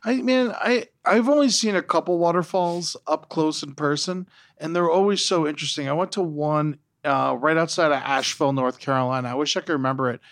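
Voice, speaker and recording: A young man co-hosting a podcast in casual chat, rambling, joking and dropping the odd swear word. His voice sits a little high, and it is recorded close and dry. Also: brisk, hardly any pauses, fairly bright tone, no echo. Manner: rambling, profane, jokey. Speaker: podcast co-host.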